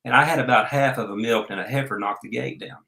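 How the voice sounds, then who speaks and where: A man's voice: medium pitch, gravelly, sharp tone, roomy sound, rough recording. Folksy man telling stories. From Oklahoma. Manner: folksy, unhurried storyteller. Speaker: podcast guest. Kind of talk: storytelling in a podcast interview.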